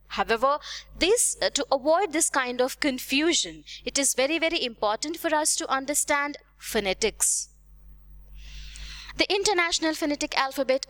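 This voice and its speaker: A woman's voice: high voice, a bit bright. A woman teaching an introductory lecture over slides, explaining terms step by step and repeating key points.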